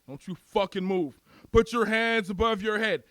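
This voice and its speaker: A man's voice: high-pitched, normal speed, fairly bright tone, no echo. A man voicing a menacing, sneering male police officer who barks and taunts. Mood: taunting. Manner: barking, taunting.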